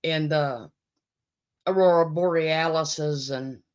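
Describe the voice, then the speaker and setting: A woman co-hosting a casual chat, talking in a chatty way with quick asides. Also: deep voice. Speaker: channel co-host.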